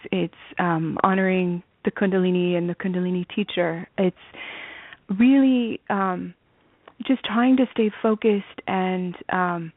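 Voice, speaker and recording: A woman with a lowish voice is the guest in a conversational video-call interview, speaking as a spiritual student. She's earnest and often says "you know," and the dry, tinny line sounds phone-like with no echo.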